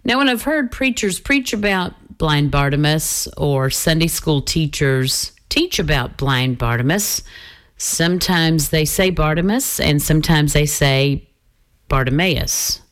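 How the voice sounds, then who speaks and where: Slow, low-voiced woman host. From North Carolina. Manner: unhurried, folksy, with some fillers and restarts. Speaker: radio show host. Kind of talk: gospel bluegrass radio hosting.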